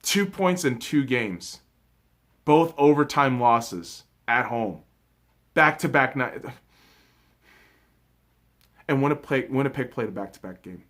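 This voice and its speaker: A man's voice: medium pitch, animated, slow pace, pauses often. Angry profane man ranting about hockey. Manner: profane, ranting, swings from shouting to muttering. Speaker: sports video host. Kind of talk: angry solo hockey game review.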